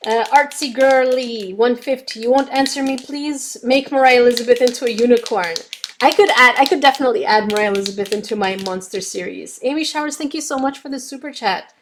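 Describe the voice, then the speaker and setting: A woman's voice: a little high, fairly quick, slight background noise. A young adult woman casually chatting on a craft livestream, reading viewer comments while testing markers, with a slight cough from bronchitis. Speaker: craft YouTuber reading live chat.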